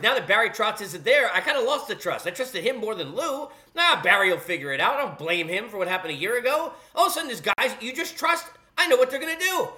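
Heated, high-energy sports talk host. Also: male voice, bright, forceful tone. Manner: heated, sarcastic, rapid-fire rhetorical questions. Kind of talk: animated sports commentary rant.

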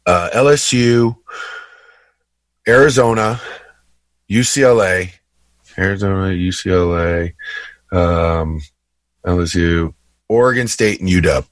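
A man in his thirties with a fairly low voice, trading stories on a podcast in a relaxed, slangy way. He sounds dry and close to the mic. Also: slow pace, long pauses, no echo. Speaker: podcast co-host, former college basketball player. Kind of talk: casual chat.

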